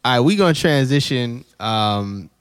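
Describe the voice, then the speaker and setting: Podcast host dude, dry close sound, lots of yeah right okay, easygoing. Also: male voice, medium pitch, animated, smooth, dry recording. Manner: affirming, quick interjections, playful. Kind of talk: casual podcast interview.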